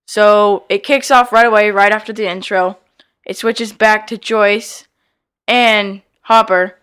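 A man co-hosting a casual podcast, recapping events in a plain, steady way. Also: high-pitched, slow pace, smooth. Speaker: podcast co-host.

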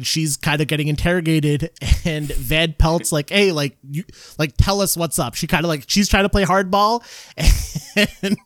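A man's voice: on the high side, fairly bright tone, dry recording, studio quality. A man casually recapping a TV episode in a rambling way, with lots of fillers and laughter. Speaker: podcast co-host.

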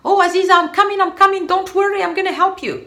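A woman's voice: very high-pitched, steady tone, fast, pushed and bright, voice pushed up, heavily acted. A woman voicing her encouraging male friend who teaches her to ski, in a reassuring, coaxing way.

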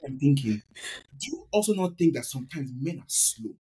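Easygoing man with a husky voice. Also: medium pitch, big pitch swings, a little fast, mellow. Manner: easygoing and explanatory, sheepish when teased. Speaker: podcast co-host. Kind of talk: casual chat.

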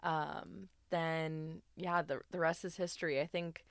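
Young woman, casual chat, low voice, lively intonation, dry close sound. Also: measured pace, dry recording. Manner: laid-back, swears casually, teasing asides. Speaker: podcast co-host.

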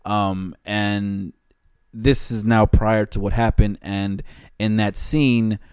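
A man co-hosting a casual podcast chat, earnestly recapping a film's plot in measured steps with the odd curse. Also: fairly low pitch, little pitch movement, darkish tone, smooth, no echo. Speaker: podcast co-host.

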